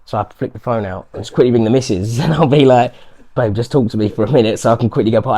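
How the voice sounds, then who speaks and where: Talking fast in a warm, medium-pitched voice, a professional fighter chats casually during an interview. He's chatty and acts out quotes from strangers he's met.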